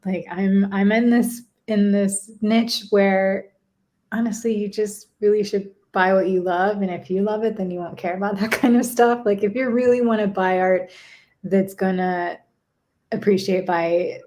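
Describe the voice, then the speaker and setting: A woman's voice: mid-range voice, fairly even intonation, unhurried, a little mellow. A woman in her thirties, a podcast guest talking casually about her art career, chatty and laughing often. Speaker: podcast guest, gallery curator. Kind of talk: casual chat.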